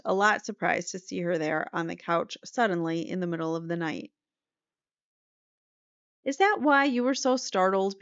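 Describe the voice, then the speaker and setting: A woman voicing a young male defendant, answering cross-examination in a halting, defensive way. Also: lowish voice, no echo, natural voice. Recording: slightly muffled dry recording.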